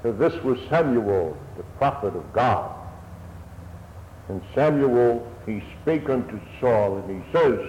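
A man's voice: mid-range voice, lively intonation, slow, a little mellow. A man preaching a sermon in an earnest, old-fashioned manner, his voice swelling and dropping. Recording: echoey hall, dull lo-fi sound, faint hiss.

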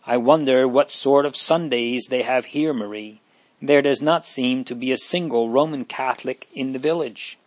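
A man voicing a thoughtful teenage boy who looks after his siblings, calm and steady, in a dry recording. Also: medium pitch, moderate pace, no echo, natural voice. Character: thoughtful older boy, protective brother.

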